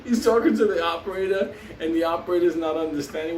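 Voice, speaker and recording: A man's voice: on the high side, fast, darkish tone, far from the mic, a little hiss or hum. A man telling a wild story in casual, profane talk, laughing often and acting out the voices of the people in it. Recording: roomy, off-mic with faint ambience.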